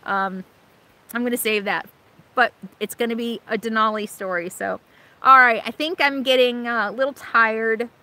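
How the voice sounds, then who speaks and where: A woman with a high, bright voice chats casually on a live stream, answering viewer comments as she goes. She rambles emotionally and often restarts her sentences. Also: steady tone, normal speed, poor audio. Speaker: vlogger hosting a live stream. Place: RV camp in Alaska.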